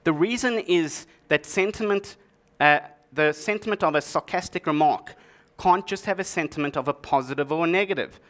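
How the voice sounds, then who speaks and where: A man giving a tech talk from a conference stage, his voice sitting a little higher than most men's. He jokes in a dry, sarcastic way between his explanations. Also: moderate pace, hardly any pauses, a bit bright. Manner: dry, joking delivery with sarcastic asides. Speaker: conference speaker. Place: conference stage before an audience.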